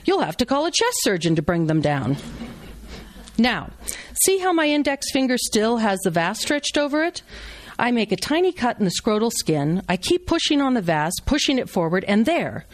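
A woman with a slightly high, sing-song voice reads a novel aloud to a live audience at a moderate pace. She voices a brash male surgeon who jokes bluntly and wisecracks while teaching a procedure.

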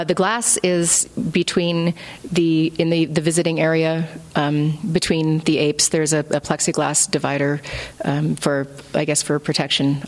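A woman author reading from her novel at a live event, then answering audience questions in a relaxed way. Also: deep voice. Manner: measured narration, relaxed with fillers in answers.

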